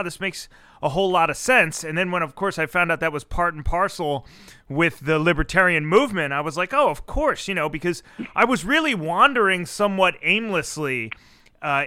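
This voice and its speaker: A man's voice: fairly high pitch, bright, forceful tone, smooth, no echo, studio quality. A man hosting a podcast interview, talking conversationally with frequent fillers. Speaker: podcast host.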